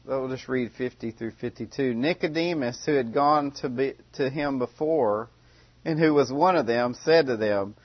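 A man's voice: mid-range voice, moderate pace, no room sound, dull audio. A man preaching a sermon in a conversational way, often repeating phrases and restarting.

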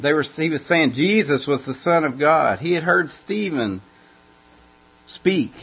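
A man's voice: on the high side, breathy edge. A man preaching in a casual, conversational way, often repeating and restarting phrases as he explains. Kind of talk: conversational Bible teaching. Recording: dull lo-fi recording.

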